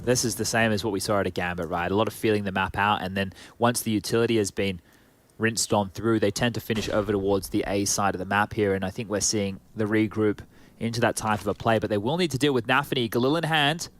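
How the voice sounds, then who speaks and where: A man with an Australian accent giving live play-by-play commentary on an esports match, with quick, excitable calls of the action. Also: lowish voice.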